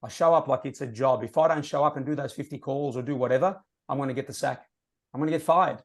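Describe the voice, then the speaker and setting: A man's voice: mid-range voice, quick pace. A man talking passionately and emphatically on a team training call, sharing prospecting tips.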